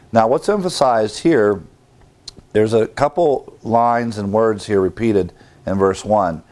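Measured, low-voiced man teaching scripture. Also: a little mellow. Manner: deliberate, measured reading with emphatic repetition. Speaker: pastor. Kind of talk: expository Bible teaching.

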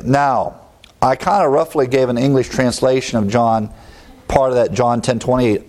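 Guy preaching a sermon, mid-pitch voice, jumps way up on the big words, chuckles now and then. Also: measured pace, long pauses, darkish tone. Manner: emphatic teaching, leaping up in pitch on key words, chuckling asides. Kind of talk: expository sermon.

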